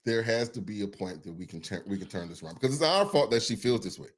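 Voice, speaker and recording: A man co-hosting a podcast in casual chat, earnest and quick to laugh, often restarting his phrases. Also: lowish voice, big pitch swings. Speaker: podcast co-host.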